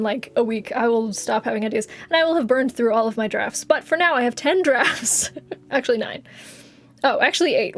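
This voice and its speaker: A young woman streamer chatting casually on a live stream, giggling often and swearing offhandedly, with music faintly behind. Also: on the high side. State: has covid.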